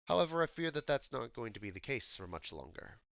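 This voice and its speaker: A man's voice: mid-range voice, sing-song, a little fast, vocal fry, a bit bright, no room sound, muffled recording. A man doing a posh older elf spymaster. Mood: suave. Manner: attempted posh English accent. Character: older male high elf spymaster, suave and composed.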